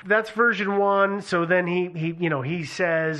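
A man's voice: sits high, steady tone, unhurried, pushed and bright. A man hosting a podcast who walks his co-hosts through a history story in a casual chat, with frequent restarts. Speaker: podcast host.

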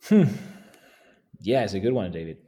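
This is a man with a fairly low voice, chatting as a podcast guest. He talks in a casual, easygoing way and often chuckles between thoughts. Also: big pitch swings, normal speed, dark tone. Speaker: guest landscape photographer.

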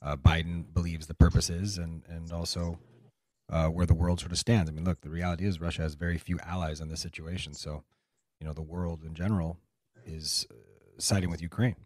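Low-voiced man in a dry room. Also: flat delivery, a little mellow, dry recording. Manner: halting, many restarts and fillers; opinionated, blunt. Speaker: co-host. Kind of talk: casual chat.

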